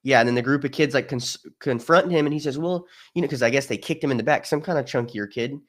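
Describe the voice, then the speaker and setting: A man's voice: mid-range voice, quick pace. A man talking as a podcast guest in a casual political discussion, emphatic and given to storytelling with mimicked voices.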